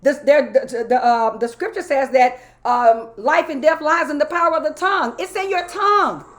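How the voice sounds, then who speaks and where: Addressing viewers straight on with plenty of "y'all," this folksy middle-aged pastor gives a sermon-style live talk that swells into a rhythmic preaching beat. She speaks in a high voice at a normal speed.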